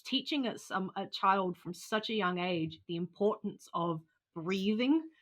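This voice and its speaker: A woman's voice: mid-range voice, expressive, measured pace, a bit bright. A woman hosting a podcast, chatting casually about parenting and laughing easily between points. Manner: chatty, laughs often, trails off with "kind of thing". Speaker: podcast host. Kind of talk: casual conversation.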